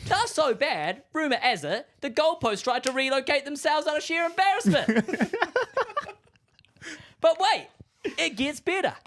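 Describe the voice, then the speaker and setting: A man's voice: extremely high pitch, big pitch swings, unhurried, long pauses, a bit bright, full character voice. A man on a podcast doing a shaky put-on British accent as a rambling conspiracy-theorist bloke, full of slang. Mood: yarn-spinning. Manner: spinning a yarn, full of slang and wild comparisons. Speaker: podcast co-host. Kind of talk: comedic scripted rant.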